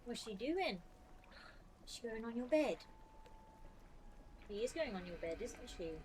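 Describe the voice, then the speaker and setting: A woman's voice: on the high side, very animated, a little slow, a little mellow, slight background noise, rough recording. A woman streaming a game from a room at home with a fan running. She chats casually and coos at her dog in between. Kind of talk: casual live-stream chat.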